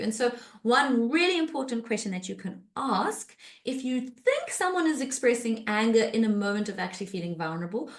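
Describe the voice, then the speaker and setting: A woman therapist talking casually on a podcast, conversational with many fillers and restarts, and acting out quoted speech in lively voices. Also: a little high, fairly quick, few pauses.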